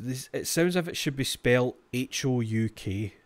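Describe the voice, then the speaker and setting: A man's voice: medium pitch, animated, normal speed, hardly any pauses. Sweary Scottish man streaming a game. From Scotland. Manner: swears freely, reads game text aloud, joking asides. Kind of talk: livestream gameplay commentary.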